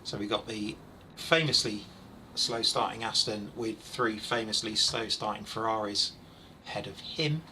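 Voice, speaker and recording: A man over forty doing live, chatty commentary on a sim race, excitable when incidents happen. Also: fairly low pitch, a little slow, a little hiss or hum, rough recording.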